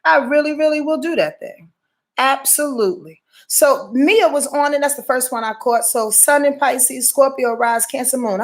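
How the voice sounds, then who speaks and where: A woman's voice: high-pitched, moderate pace. A woman hosting a live astrology stream, talking to viewers in a preachy, slangy, emphatic way and swearing freely. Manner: repeats and restarts words, many filler sounds. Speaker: astrology show host.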